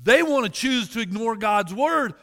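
A man's voice: extremely high pitch, animated, moderate pace, pushed and bright. Earnest preaching man in a reverberant hall. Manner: earnest preaching with rising emphasis and asides to the congregation. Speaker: pastor. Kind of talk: sermon.

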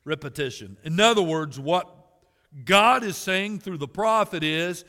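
A man's voice: sits high, animated, slow pace, bright, forceful tone, big-room sound. A man preaching a sermon as pastor, earnest, building emphasis and joking asides to the congregation.

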